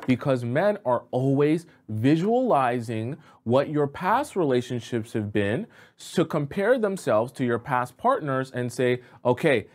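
A man's voice: mid-range voice, big pitch swings, unhurried, few pauses, darkish tone. A man hosting a relationship advice video, speaking emphatically and instructively. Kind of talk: direct-to-camera advice monologue.

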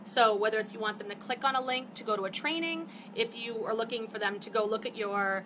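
A woman's voice: on the high side, brisk, background noise. A woman in her fifties, host of a live stream, talking casually and chattily to viewers and getting fired up as she goes. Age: 50s. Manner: chatty, animated, gets fired up. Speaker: network marketing host. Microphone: phone or webcam for a live stream.

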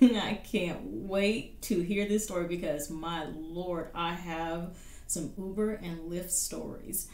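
A woman's voice: on the low side, fairly even intonation, slow pace, a little mellow, reverberant. A woman hosting a reaction video, chatting casually to camera, exclaiming often and laughing a lot. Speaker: reaction channel host.

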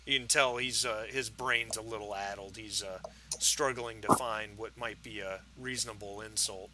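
A man narrating a tabletop game as game master, halting with fillers and restarts. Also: fairly low pitch, steady tone, very noisy.

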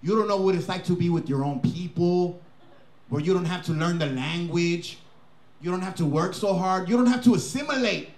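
A man voicing his immigrant father, an older dad who is lazy and wisecracking, with a low-key mumbling drawl. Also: moderate pace, darkish tone, roomy sound. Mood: wistful.

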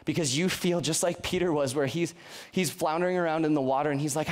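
A man's voice: on the high side, fast talker. Earnest young man preaching casually. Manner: earnest, conversational preaching with many restarts. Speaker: youth pastor. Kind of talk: sermon.

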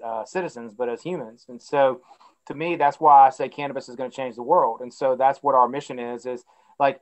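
A man's voice: mid-range voice, muffled recording. A man giving an interview as a guest, speaking earnestly and repeating words while he searches for phrasing. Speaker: guest, company CEO. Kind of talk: casual interview chat.

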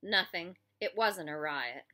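A woman's voice: fairly low pitch, expressive, takes it slowly, pushed and bright, heavily acted. A woman reading aloud, voicing a timid, defensive teenage boy. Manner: timid, pleading.

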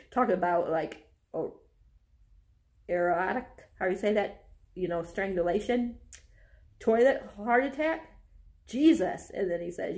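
A woman's voice: lowish voice, expressive, unhurried, long pauses, a little mellow. A young woman casually reading passages aloud from a book and chatting about them, breaking into giggles often. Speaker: book vlogger.

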